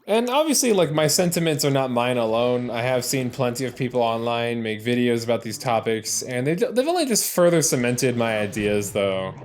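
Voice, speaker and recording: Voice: mid-range voice, big pitch swings, normal speed, hardly any pauses, a little hiss or hum. A let's player giving casual gameplay commentary, rambling, restarting and swearing as things happen on screen.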